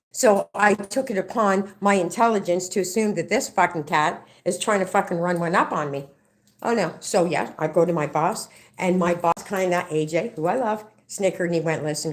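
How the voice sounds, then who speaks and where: A middle-aged woman ranting on a livestream, swearing freely as she tells a long story and acts out the other people's lines. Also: fairly low pitch. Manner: profane, animated storytelling with acted-out quotes. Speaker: livestream vlogger.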